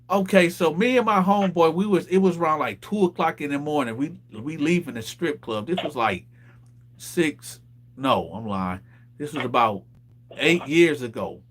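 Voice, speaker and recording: A man hosting a casual talk show, telling a street story with lively acted-out quotes. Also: on the high side. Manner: animated storyteller, acts out quoted voices. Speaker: host.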